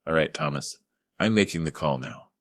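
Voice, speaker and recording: A man voicing a stern middle-aged lawyer, urgent and forceful. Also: rumbling low, expressive, normal speed, no echo, exaggerated voice. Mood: firm.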